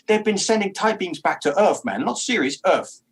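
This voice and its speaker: A man's voice: sits high, lively intonation, moderate pace. A man in a tabletop role-play, rambling conspiratorially in character as a jittery, paranoid spacer. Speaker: player.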